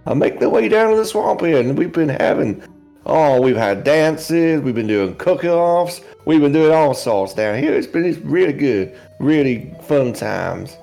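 A man's voice: on the high side, expressive, a little slow, creaky, dark tone, soft background music. A man voicing Great Mama, a folksy, pious older swamp woman with a drawling, homespun manner.

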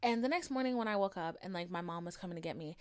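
A woman's voice: fairly low pitch, rapid-fire. A young American woman with a slight Southern twang, telling a personal story on her podcast in a chatty, swearing, filler-heavy way. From United States. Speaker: podcast host. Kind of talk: casual storytelling monologue.

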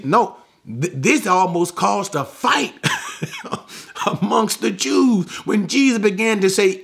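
A man's voice: sits high, very animated, a little slow, fairly bright tone. A man teaching through a bible passage verse by verse, emphatic, repeating key words and asking rhetorical questions.

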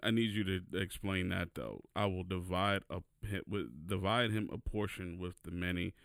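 A man's voice: low voice, moderate pace, gravelly, fairly bright tone, no echo, clean studio sound. A man in casual conversation, listening closely and asking probing questions. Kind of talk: casual chat.

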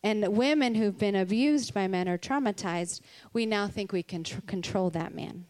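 A woman's voice: medium pitch, moderate pace, darkish tone. A woman giving a candid, conversational Christian sermon, earnest and personal, with laughs between her points. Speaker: Christian speaker.

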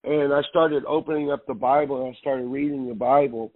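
A pastor's testimony, given as an interview guest, comes through a thin, tinny line like a phone on the radio. He speaks at an ordinary pitch with a steady tone, earnest yet halting, often circling back on his words.

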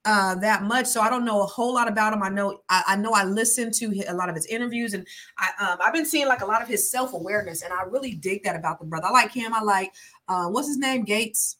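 A woman hosting a podcast in casual chat, a naturally fast talker who is trying to slow down, with chatty asides and frequent ums. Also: mid-range voice, pushed and bright. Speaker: podcast host.

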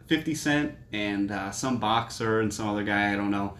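A man's voice: fairly low pitch, normal speed, a bit bright, echoey room, a little hiss or hum. A man co-hosting a combat sports podcast, talking casually and laughing often as he rambles through his stories. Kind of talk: casual chat.

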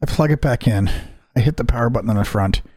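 A man's voice: medium pitch, fast talker, breathy edge, dry recording. Young guy host ranting and telling stories, swears a lot, dry close sound. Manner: animated storyteller, acts out quotes, swears freely. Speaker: podcast host. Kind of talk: casual chat.

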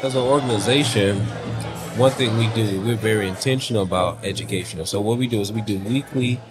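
A man's voice: on the low side, a little fast, a crowd in the background. A man who owns a tattoo studio, speaking on a panel in an earnest, matter-of-fact way. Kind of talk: panel discussion. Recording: music behind.

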